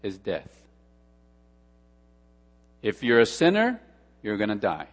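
A male pastor delivering a sermon in a deliberate, unhurried voice, leaning on dramatic pauses and repeated phrases. His words ring out with a long reverb in a church hall. A low mains hum runs beneath him. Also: huge pitch swings. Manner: emphatic, with dramatic pauses and repetition.

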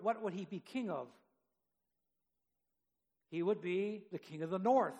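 A man delivers a sermon in a high, gravelly voice, reading scripture and then talking it over with his listeners. His delivery stays conversational but rises in force when he drives a point home. The sound carries a long reverb, as though captured in a large church sanctuary. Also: darkish tone. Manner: conversational, reads scripture aloud, rises for emphasis. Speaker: preacher.

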